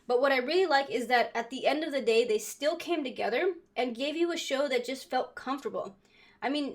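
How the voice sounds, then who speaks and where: Chatty woman reviewing a comedy clip. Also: on the high side. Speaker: reaction video host. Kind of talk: casual commentary.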